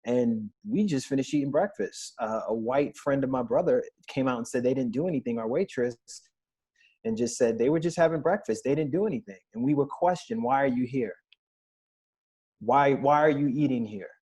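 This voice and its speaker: A man's voice: medium pitch, fairly quick, dark tone, husky. A man in his thirties on a podcast panel, earnestly recounting personal stories in a candid discussion.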